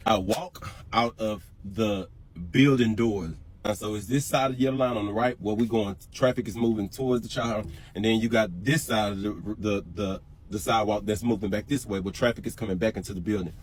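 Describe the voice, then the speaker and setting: A man's voice: on the low side, fairly even intonation, brisk. Profane man telling a prison story. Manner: profane, emphatic, repetitive. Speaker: storyteller in a reacted clip. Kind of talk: emotional storytelling.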